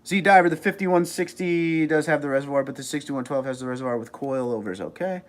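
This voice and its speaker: Man, middle-aged, New York accent, livestream host, casual chat, reads comments aloud, somewhat high voice. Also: a little fast.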